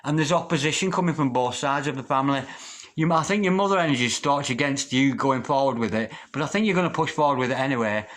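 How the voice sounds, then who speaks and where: A man giving a tarot reading, gentle and gushing, who drops into a low, repeated chant when he calls on the spirits. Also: quick pace. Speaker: tarot reader. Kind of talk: tarot reading with spoken invocations.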